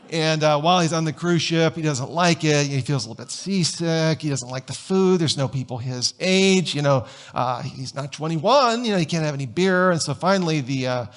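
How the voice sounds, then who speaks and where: A man pastor giving a conversational sermon in a church sanctuary, telling stories and firing off rhetorical questions. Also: fairly high pitch.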